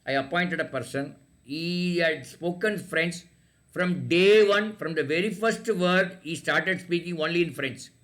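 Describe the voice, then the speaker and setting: A man's voice: on the high side, a little slow, a bit bright. A middle-aged man with an Indian English accent teaching an online class, talking in a hesitant way with many fillers and restarts.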